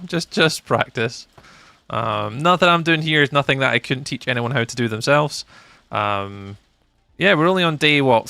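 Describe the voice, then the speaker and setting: Young Scottish male streamer, bright lively voice with gravel, playful chat-reading, dry close mic. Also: on the high side, no room sound. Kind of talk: casual live-stream chat.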